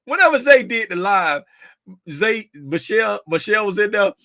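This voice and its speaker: A middle-aged man hosting a casual livestream, greeting viewers by name, sometimes dropping to a hushed, confiding tone. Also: high voice, very animated, normal speed, dry recording. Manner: drops to a hushed, confiding tone at times. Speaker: livestream host.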